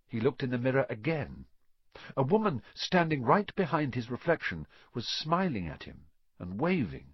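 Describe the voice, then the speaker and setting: Husky expressive male storyteller. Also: medium pitch, no echo, muffled recording. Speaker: audiobook narrator. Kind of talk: scripted story narration.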